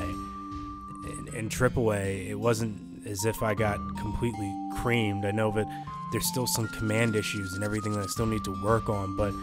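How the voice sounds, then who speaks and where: Young male gaming creator, low monotone, hesitant in-character talk over music. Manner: halting, hesitant, full of "you know". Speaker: gaming YouTuber. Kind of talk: in-character role-play monologue. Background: background music.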